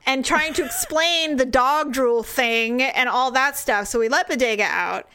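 A woman co-hosting a casual chat, telling stories in an animated way and acting out what people said. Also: high voice, unhurried, clear, resonant tone. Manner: animated storytelling, acts out quotes. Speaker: podcast co-host.

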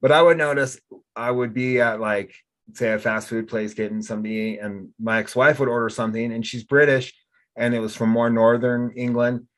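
A man's voice: medium pitch, fairly even intonation, a little fast. A middle-aged man from North Dakota hosting a casual chat, telling stories and acting out the exchanges he describes. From North Dakota, USA. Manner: chatty storyteller, acts out quoted exchanges. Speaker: podcast host. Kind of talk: casual conversation.

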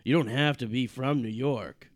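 A man doing a gruff boss who grumbles and cuts people short, in a plain mid-range voice. The recording is dry and close. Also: medium pitch, normal speed, dry recording, natural voice. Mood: irritated. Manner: blunt, grumbling. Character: gruff male Wall Street boss, impatient. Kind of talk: improvised comedy podcast sketch.

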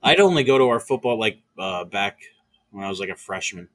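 Young man, bright sharp voice, animated and profane in casual chat. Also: on the low side, a little fast. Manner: animated storyteller, swears often, laughs mid-sentence.

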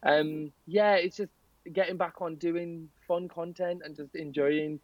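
A man's voice: on the high side, steady tone, a little slow, no echo, dull audio. A man from England, a guest on a podcast, chatting eagerly and laughing easily. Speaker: guest, reality show finalist. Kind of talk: casual chat.

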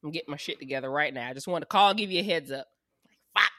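A woman's voice: low-pitched, very fast, pushed and bright, dry recording, studio quality. A woman, co-hosting a podcast in frank, profane casual chat. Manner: frank, profane, laughing often. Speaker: podcast co-host.

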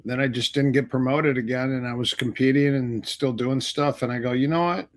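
Brisk and middle-pitched, a middle-aged man appears as a guest in a casual storytelling interview. The martial arts instructor recounts old tales, animatedly performing the dialogue of the people in them.

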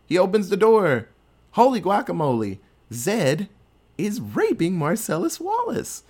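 A man's voice: high voice, unhurried, slightly rough. A man casually retelling a film scene by scene, loose and joking as he goes. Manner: animated, loose storytelling with crude jokes. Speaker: podcast host. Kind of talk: casual movie recap.

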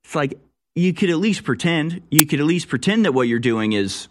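A man's voice: a little high, animated, unhurried, long pauses. Sarcastic male talk radio host. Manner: mocking, sarcastic, loose and rambling. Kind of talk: sarcastic political commentary.

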